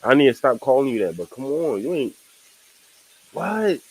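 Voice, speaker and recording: A man's voice: medium pitch, expressive, quick pace, breathy edge, rough recording. A young man streaming casual reaction commentary, rambling in slang, repeating "you know what I'm saying" and laughing at asides.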